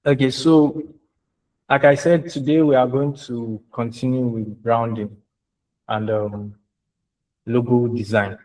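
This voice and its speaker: A man teaching an online class on branding, halting and repeating himself. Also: mid-range voice, steady tone, a little mellow, low-quality recording. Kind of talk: online lecture.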